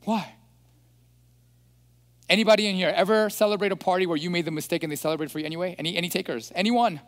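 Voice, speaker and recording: A man preaching a sermon as pastor, animated and throwing rhetorical questions at the congregation. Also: high voice, quick pace. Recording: long hall reverb.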